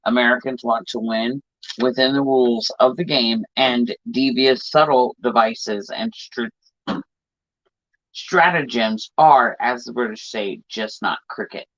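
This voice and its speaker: Male host reading a book aloud, deliberate, in a dry and dead-sounding recording. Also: medium pitch, a bit bright, dry recording, highs cut off. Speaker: podcast host.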